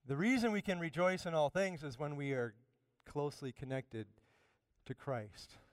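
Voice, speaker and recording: A man preaching a sermon, animated, swinging from loud emphatic bursts down to quiet asides. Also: on the high side, moderate pace, dry recording, studio quality. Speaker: pastor.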